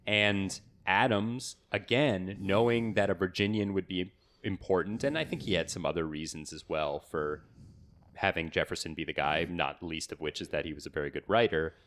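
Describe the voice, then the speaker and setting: A young man from New York co-hosting a podcast, telling history in a relaxed, chatty way and laughing often. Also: deep voice, normal speed, a little hiss or hum. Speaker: podcast co-host. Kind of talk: casual history chat.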